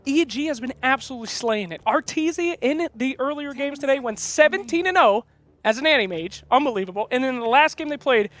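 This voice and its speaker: A playful male host steers an esports panel with a very high, bright voice. He teases his analysts, and his pitch moves up and down a lot. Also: lively intonation, a little fast. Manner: playful, teasing. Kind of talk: hosting a panel.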